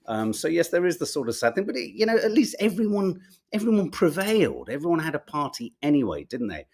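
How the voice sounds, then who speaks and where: A British podcast host runs through the papers in a chatty, wry, sarcastic manner, musing aloud along the way. His voice sits on the high side, sing-song and brisk with a slightly mellow quality.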